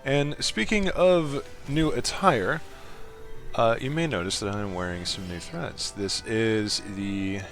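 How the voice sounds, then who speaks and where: A man's voice: lowish voice, slow pace, faint music behind. A man giving casual, giggly commentary as he plays a story game. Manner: giggly and animated. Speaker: gaming video creator.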